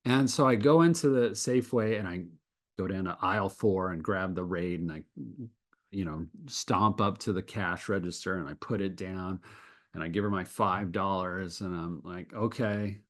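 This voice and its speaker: A man's voice: sits low, moderate pace. A man telling a personal faith story as an interview guest. He speaks earnestly and often restarts his sentences. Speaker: guest animator.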